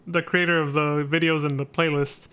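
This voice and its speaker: A man's voice: on the high side, little pitch movement, moderate pace, bright, forceful tone, faint music behind. A man giving casual, profane let's-play commentary with laughing asides. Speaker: streamer.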